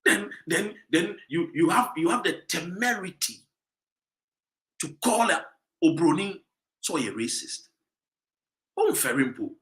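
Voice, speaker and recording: A man with a Ghanaian accent giving emphatic commentary, full of rhetorical questions, sometimes loud and sometimes dropping low. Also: lively intonation, measured pace, long pauses, roomy sound. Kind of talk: animated commentary mixing Twi and English.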